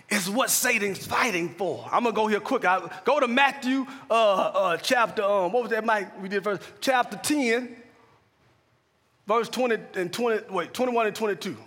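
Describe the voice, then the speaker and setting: A man preaching a sermon as pastor, calling to the congregation for responses and building to shouted climaxes. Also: high voice, expressive, normal speed. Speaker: pastor and chaplain. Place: large church hall. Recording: long hall reverb.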